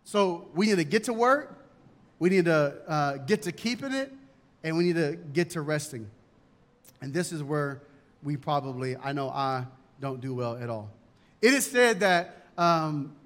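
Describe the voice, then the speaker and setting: A man's voice: a little high, a bit bright. A male pastor preaching a sermon emphatically and asking rhetorical questions, in a church. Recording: long hall reverb.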